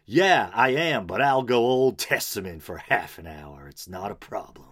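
A man's voice: on the low side, expressive, moderate pace, a bit bright. A man putting on a blustering, defiant male preacher with a strange, put-on accent. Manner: put-on odd accent, boastful threats.

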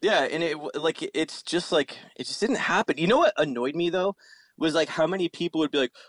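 A man's voice: a little high, brisk, a bit bright, no echo. A man in his thirties from the Philadelphia area, talking casually and profanely, rambling with a lot of "like". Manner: profane, rambling, heavy use of "like". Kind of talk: casual chat.

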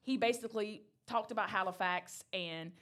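A woman's voice: mid-range voice, normal speed, a bit bright. A woman in her forties from north Florida with a Southern accent, a hospital radiology worker chatting in a friendly, easygoing way in an interview. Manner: friendly, chatty, laughs easily. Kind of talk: casual interview chat.

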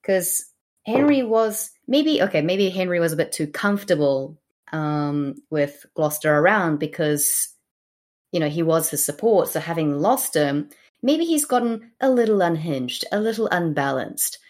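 A woman's voice: lowish voice, animated, moderate pace, darkish tone. A woman co-hosting a casual discussion, who talks with profanity and lots of hesitant fillers. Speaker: podcast co-host.

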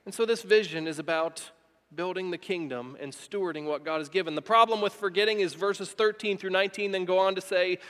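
A man's voice: high-pitched, a little fast, a bit bright, in a large hall. A male pastor giving a heartfelt sermon, speaking earnestly and repeating phrases for emphasis.

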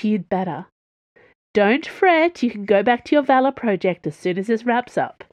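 A woman's voice: medium pitch, animated, moderate pace, darkish tone, dry recording, pitched above the performer's own voice, close to an everyday voice. A woman voicing a sarcastic, mocking female rogue giving orders in an audiobook. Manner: sarcastic, commanding.

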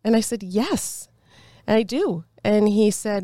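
A woman's voice: mid-range voice, takes it slowly, dry recording. A middle-aged woman, a congressional candidate, telling a personal story of faith in an interview and acting out the voices of the people in it. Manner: animated storyteller, acts out quoted dialogue.

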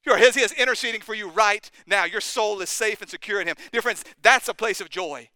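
A man's voice: sits high, a little fast, bright, forceful tone, no room sound. A man preaching a sermon as pastor, impassioned and urgent, firing rising questions at the congregation.

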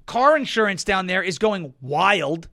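Man, political show host, high voice, bright forceful tone, sarcastic, wisecracking, loud emphasis. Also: expressive, a little slow. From Suffolk County, New York, US. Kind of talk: opinionated political commentary.

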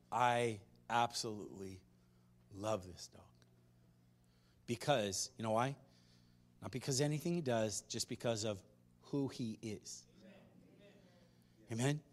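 A man preaching a sermon as pastor, telling stories in an animated way and moving between loud and hushed delivery. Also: mid-range voice. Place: church sanctuary.

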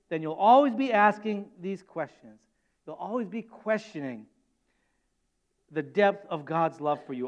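A man preaching a sermon as pastor, animated and acting out quoted voices with rising emphasis. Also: high voice.

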